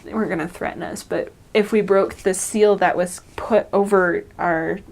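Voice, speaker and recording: A woman's voice: fairly low pitch, steady tone, normal speed, darkish tone. A young woman recounts her missionary days in a casual, storytelling way. She laughs often and lifts her voice to act out the people she quotes. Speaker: returned missionary. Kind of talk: personal storytelling.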